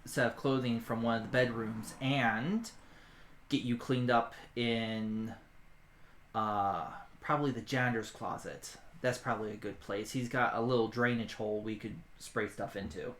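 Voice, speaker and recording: A man's voice: medium pitch, steady tone, a little slow, a bit bright, lightly acted. Fields: Figure: stern dwarf woman, a man voicing her. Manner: curt, snapping. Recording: roomy echo. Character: stern female dwarf loyal to a council.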